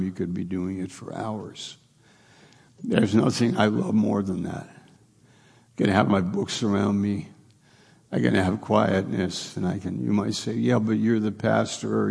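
A man's voice: lowish voice, vocal fry, darkish tone, breathy edge. A middle-aged man preaching a conversational sermon as a pastor, plain-spoken and repeating his points for emphasis.

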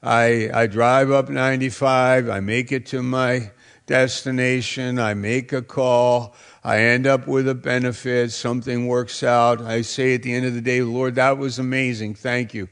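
Male pastor, deliberate slow delivery, gravelly, emphatic sermon style. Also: mid-range voice, level tone. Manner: emphatic preaching, repeats phrases, bursts into shouts.

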